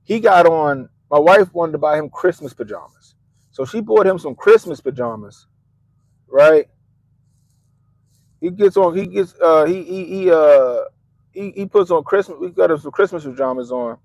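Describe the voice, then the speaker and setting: Profane animated man telling a story. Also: fairly high pitch, moderate pace, no room sound, low-quality recording. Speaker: podcast host. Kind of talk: casual storytelling.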